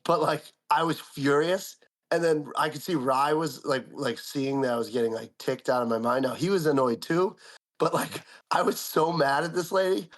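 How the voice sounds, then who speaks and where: Animated man ranting through a story. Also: on the high side, moderate pace. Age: young adult. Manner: animated, indignant storytelling with lots of "like". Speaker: podcast co-host. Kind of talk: casual storytelling chat.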